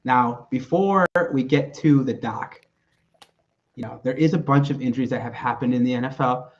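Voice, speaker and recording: A man's voice: medium pitch, moderate pace. Laid-back man on dull lo-fi audio. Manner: laid-back, profane, laughs easily. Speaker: podcast host. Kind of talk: casual sports podcast chat.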